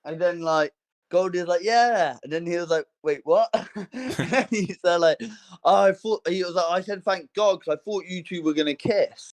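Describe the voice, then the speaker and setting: A young man co-hosting a casual podcast, telling a story with many fillers and restarts and acting out quotes in a higher voice. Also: normal speed. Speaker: podcast co-host. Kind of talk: casual chat.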